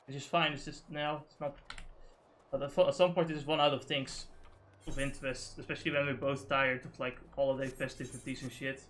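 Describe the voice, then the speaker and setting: Young streamer, male, tense bright delivery, sweary rant that drops to mumbles. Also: mid-range voice, fairly even intonation, a little fast, faint music behind. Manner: profane, ranting, swings from loud to muttering. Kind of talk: casual venting on a game stream.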